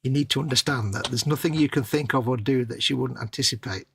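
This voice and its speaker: A man's voice: medium pitch, fast talker, creaky, fairly bright tone, a little hiss or hum. A man co-hosting a casual live stream who teases his co-host with dry banter. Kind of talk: casual chat.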